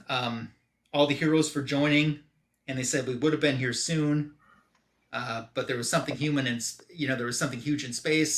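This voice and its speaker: Bright-voiced man recapping comics. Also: medium pitch. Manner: retells the story loosely with quick paraphrased quotes. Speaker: comic book podcast host.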